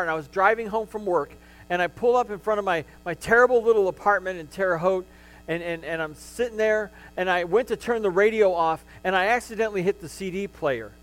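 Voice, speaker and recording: A man's voice: high voice, poor audio. A middle-aged male pastor preaching a sermon, telling his personal testimony with emotion and frequent restarts.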